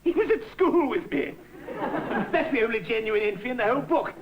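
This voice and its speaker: A caddish middle-aged charmer, full of clipped, jaunty patter. His voice leaps up and down with lively swings of pitch. It comes through a hissy old television soundtrack. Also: fairly quick, lo-fi sound. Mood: breezy, scheming. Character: caddish middle-aged English ladies' man, breezy schemer. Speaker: comic lead. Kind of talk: 1960s studio sitcom acting.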